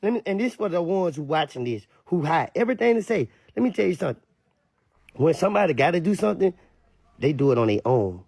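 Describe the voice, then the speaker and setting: Man, street commentary, gravelly husky voice, lively swinging pitch. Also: fast, dry recording. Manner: animated, repetitive, mimics others in high voices. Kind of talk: casual street commentary to camera.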